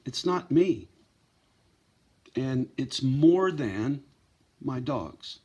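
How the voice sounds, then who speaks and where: A man's voice: medium pitch, lively intonation, drawn-out words, a little mellow, slightly rough. A man running a pit bull rescue channel, talking bluntly and emotionally to his viewers in a profane, heartfelt vlog. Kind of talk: candid direct-to-camera vlog.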